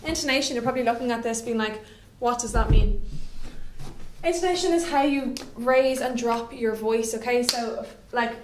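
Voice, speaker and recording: A woman's voice: on the high side, a little fast, hardly any pauses, background noise. A woman, giving a chatty classroom lecture as a French teacher and checking in with "okay?" often. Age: 20s. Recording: echoey room, voice from a distance.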